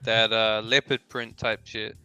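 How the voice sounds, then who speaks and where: A man's voice: lowish voice, flat delivery, unhurried, sharp tone, smooth, dry recording, soft background music, rough recording. A young man co-hosting a casual boxing podcast, laid-back and crude, laughing easily. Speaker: podcast co-host.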